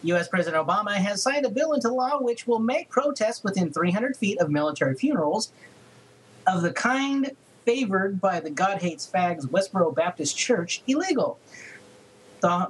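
A sarcastic man co-hosting a comedy podcast, with a husky voice and a high, lively pitch that jumps around. He reads stories aloud and snaps back quick quips. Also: rough recording. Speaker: podcast co-host. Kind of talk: casual comedic news chat.

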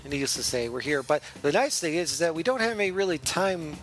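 A man's voice: on the high side, animated, fast, a bit bright. A man hosting a casual comedy podcast, playful and theatrical, laughing often. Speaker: podcast host. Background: faint music.

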